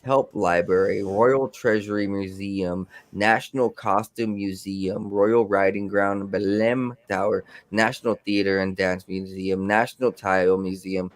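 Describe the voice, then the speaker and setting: A man's voice: lowish voice, fairly even intonation, unhurried, few pauses, dry recording. A man co-hosting a casual podcast, reading news items aloud with stumbles and restarts. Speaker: podcast co-host.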